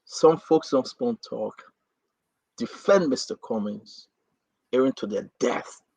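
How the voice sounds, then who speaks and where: A man hosting a talk show, giving impassioned, repetitive political commentary in a husky, gravelly voice. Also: mid-range voice, takes it slowly, no echo. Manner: repetitive, rising to animated outbursts. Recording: dry, dull lo-fi audio.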